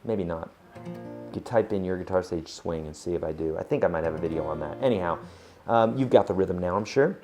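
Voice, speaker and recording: A man giving a casual acoustic guitar lesson, chatty and relaxed, counting beats aloud. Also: deep voice, fairly quick. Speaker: guitar teacher. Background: acoustic guitar playing.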